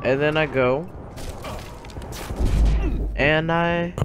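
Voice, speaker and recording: A man's voice: a little high, fairly even intonation, drawn-out words, lo-fi sound, heavy background noise. A man telling a dramatic story in a casual, slangy way, with comic asides. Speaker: gaming YouTuber.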